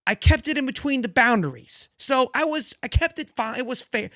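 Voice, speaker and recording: Loud, boastful man with a big voice. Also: extremely high pitch, animated, fairly quick, dry recording, studio quality. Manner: loud, boastful trash talk. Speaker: sports podcast co-host. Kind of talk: casual sports banter.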